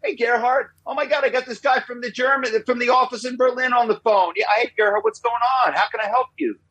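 An eager office worker, thrilled to get the call, as a man acts him out. The voice jumps far above the speaker's normal pitch and has a strained, thinned-out timbre. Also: fast, slightly rough, dry recording, dull audio, full character voice. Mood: excited. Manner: excited, eager to help. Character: eager office worker answering the phone, male.

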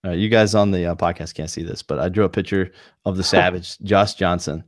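A man with a very deep voice, co-hosting a laid-back podcast. He rambles, trips over his words and fills gaps with "like" and "you know". The sound is dry and close, with no room echo. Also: steady tone, brisk. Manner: rambling, lots of fillers and restarts. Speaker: podcast co-host, streamer. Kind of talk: casual podcast chat. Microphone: video call.

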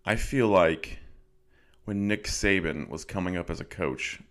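Deep-voiced man with wry asides. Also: a little slow. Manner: wry, sarcastic asides, trails off quietly. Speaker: podcast co-host. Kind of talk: casual chat.

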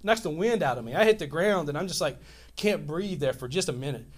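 Animated high-voiced male pastor preaching. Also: a little fast. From Louisiana, US. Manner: animated storytelling, rambling restarts. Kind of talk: sermon.

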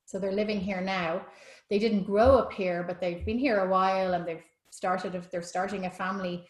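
A woman's voice: medium pitch, fairly even intonation, moderate pace. A woman, a yoga teacher chatting enthusiastically in an interview, often restarting her sentences. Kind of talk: casual interview chat. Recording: roomy echo.

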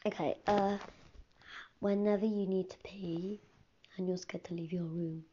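On this dull, faintly hissing lo-fi recording, a teenage girl hosts her own casual podcast, rambling and regularly lowering her voice to a whisper. Her voice is fairly low and dark, steady in tone, with a measured pace.

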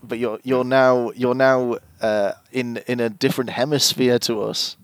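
A man hosting a casual podcast, joking and laughing often, with halting restarts. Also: mid-range voice, fairly even intonation, dry recording. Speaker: podcast host.

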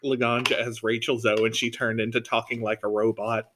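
Animated, laughing man hosting chat. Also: medium pitch, moderate pace. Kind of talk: casual chat.

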